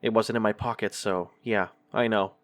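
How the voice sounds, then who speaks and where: Low-voiced man narrating a horror story. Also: steady tone, moderate pace. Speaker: horror podcast host reading stories.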